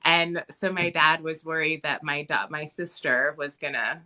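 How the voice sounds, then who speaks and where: A woman guest telling family stories in a casual interview, chatty with many pauses and fillers. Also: deep voice. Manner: chatty, many ums, animated when quoting.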